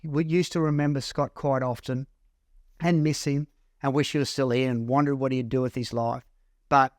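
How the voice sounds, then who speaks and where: An Australian man working as a counsellor, telling a personal story in an earnest, halting way that repeats words as he goes. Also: mid-range voice, steady tone, no echo, studio quality. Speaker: counsellor and mentor. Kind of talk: personal story told to camera.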